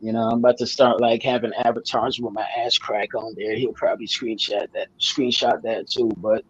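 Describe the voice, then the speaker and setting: A man's voice: mid-range voice, level tone, moderate pace, breathy edge, muffled recording. A man telling a rambling, slangy story in casual chat, laughing often. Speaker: podcast host telling a story.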